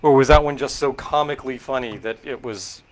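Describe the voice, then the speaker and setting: A man's voice: medium pitch, a little fast. Rambling man mixing drinks on a stream. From California, Central Valley. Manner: rambling, thinking aloud with fillers and self-corrections. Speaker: host making cocktails. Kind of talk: casual live-stream chat while mixing drinks.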